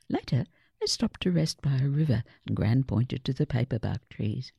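A woman reading a children's picture book aloud, slow and expressive. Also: very deep voice, creaky, husky, dry recording, studio quality. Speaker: storyteller.

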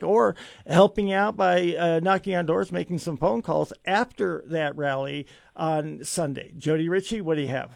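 High-voiced emphatic man hosting talk radio. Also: creaky, a little mellow, no echo. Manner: emphatic, repeats words, self-described sarcastic. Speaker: radio talk show host. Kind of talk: political talk radio interview.

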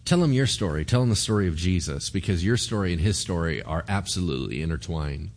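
Lively conversational man preaching. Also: low voice, fast. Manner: conversational, animated, acts out little dialogues. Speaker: pastor. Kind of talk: sermon.

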